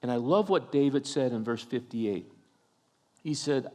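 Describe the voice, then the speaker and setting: A man's voice: medium pitch, a little slow, warm tone. A male pastor preaching a sermon, telling a story with humorous asides and acting out the scenes.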